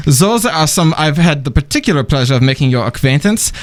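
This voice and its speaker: A man's voice: a little high, animated, fairly quick, noisy background. A male podcast co-host reading a listener's email aloud in a mock German accent.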